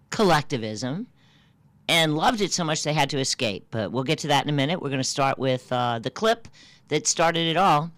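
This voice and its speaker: A man co-hosting a talk radio show in a studio, upbeat, folksy and quick to laugh. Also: medium pitch, fairly bright tone, dry recording.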